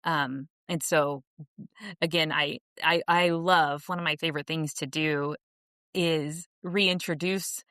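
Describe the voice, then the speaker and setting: A woman's voice: low voice, fairly even intonation, slow pace, a bit bright, no room sound, clean studio sound. A woman guest on a podcast, talking in a casual, earnest, reflective way with frequent restarts and easy laughter. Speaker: podcast guest, author and coach. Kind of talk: casual interview conversation.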